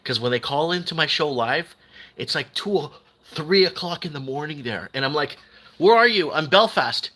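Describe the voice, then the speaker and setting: Older man, live stream host, rambling chat, reads comments aloud, bright tone, slightly high voice. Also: normal speed, a little hiss or hum. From Canada. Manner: rambling, reads out viewer comments, restarts often.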